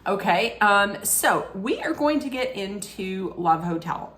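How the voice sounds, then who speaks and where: A middle-aged woman recapping a reality show in a casual, rambling way, often correcting herself mid-sentence and throwing in animated asides. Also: medium pitch, unhurried. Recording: echoey room with faint ambience.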